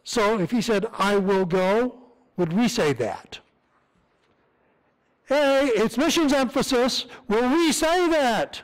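This visiting missionary preaches with a very high, lively voice and speaks slowly. His sermon in the church sanctuary feels earnest and conversational, full of restarts, though the audio quality is poor.

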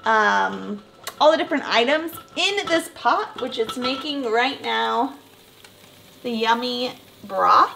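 A woman's voice: on the high side, expressive, slow, creaky, pushed and bright, a little hiss or hum. A woman vlogger chatting casually while cooking in an apartment kitchen, with many fillers and laughs. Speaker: travel vlogger. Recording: echoey room.

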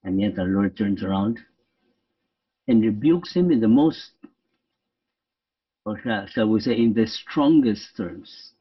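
Man, priest, guided meditation, husky, slow reflective pauses, lo-fi distant recording. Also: on the low side, animated. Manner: slow, reflective, pausing often. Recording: dull, lo-fi sound from a distant mic.

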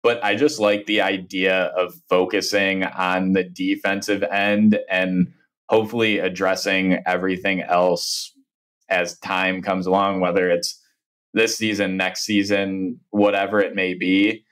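Low-voiced, measured man. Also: level tone, a bit bright. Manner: measured, hedging, thoughtful. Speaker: guest analyst. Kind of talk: casual sports podcast chat.

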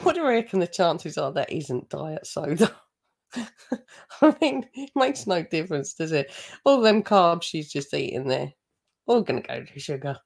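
A woman's voice: sits low, very animated, normal speed, creaky. A woman hosting a reaction commentary channel, talking in a blunt, scornful, chatty way with frequent laughs.

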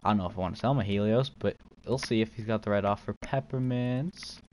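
Laid-back male streamer on a live gaming stream, slightly low voice, jokey chat reader, faint background noise. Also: a little fast, darkish tone, poor audio. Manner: joking, laid-back, reads chat aloud. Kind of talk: casual livestream chat while trading.

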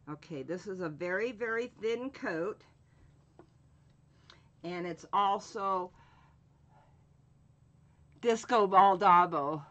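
A woman hosting a live painting stream, talking in an unhurried, drawn-out way. She chats casually, greets viewers by name and fills her pauses with "um" while she works with her hands. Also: medium pitch, sharp tone. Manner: slow, drawn-out speech with frequent fillers. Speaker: craft channel host.

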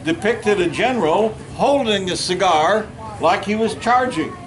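A man's voice: sits high, expressive, measured pace, rough recording. A man playing a folksy Civil War general. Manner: folksy storytelling, jokes with the audience. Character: Civil War Union general, middle-aged, plainspoken. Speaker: historical reenactor. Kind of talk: first-person living history talk. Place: outdoor history event in a park.

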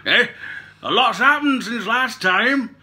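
Slowly and forcefully, in a very high-pitched, bright voice, a man with a blended Cockney-Somerset accent rambles through a comic tale in character as a puppet-show host. He swears, corrects himself, and chuckles at his own gags.

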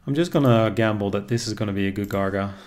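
A man's voice: on the low side, quick pace, darkish tone. A man streaming casually, chatting with viewers and reacting to the game as it plays. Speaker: casino streamer. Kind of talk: casual live-stream commentary.

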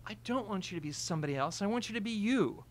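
A woman reading aloud voices a sharp-tongued young college woman, pointed and exasperated. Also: mid-range voice, expressive, fast talker, slight background noise, pitched above the performer's own voice, close to an everyday voice. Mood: reproachful.

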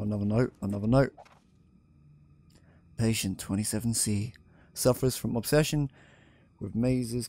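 In this horror game playthrough commentary, the male host reads notes out loud and yelps and curses at jump scares. His voice is medium-pitched, creaky, and warm.

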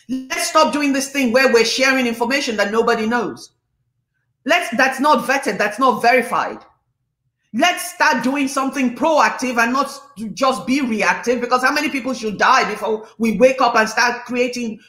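A woman from Nigeria, hosting an impassioned live-stream monologue, her voice rising to yelling when passionate. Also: fairly high pitch, roomy sound. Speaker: host.

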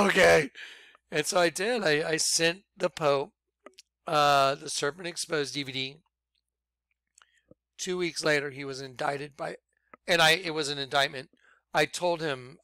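A man leading a ministry, preaching informally in an animated way, laughing and swinging between loud outbursts and quiet asides. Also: on the high side, measured pace, creaky, clean tone, dry recording, clean studio sound. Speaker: ministry leader.

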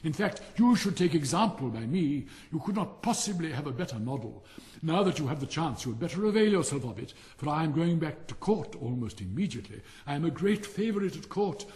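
A man's voice: a little high, sing-song, brisk, darkish tone, big-room sound, pitched above the performer's own voice. An older man voicing a conceited, pompous firework rocket in an audiobook, haughty and lecturing. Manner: haughty, self-important, lecturing. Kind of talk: audiobook character reading.

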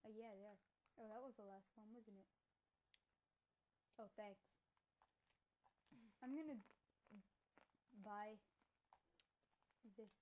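A woman chatting casually while playing a video game, jumpy and quick to yelp and laugh. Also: medium pitch, a little hiss or hum, rough recording. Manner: excitable, yelps and laughs often. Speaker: gamer. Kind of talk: casual gameplay chat.

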